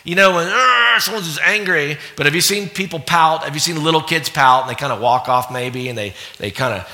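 Animated preacher man in echoing hall. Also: fairly high pitch, a little fast. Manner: animated, acts out voices, laughs often. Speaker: pastor. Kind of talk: sermon. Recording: long hall reverb.

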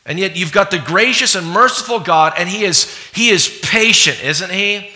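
Bright-voiced man preaching in a reverberant hall. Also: sits high, moderate pace. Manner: animated, conversational preaching with asides and acted-out voices. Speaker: pastor. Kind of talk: sermon.

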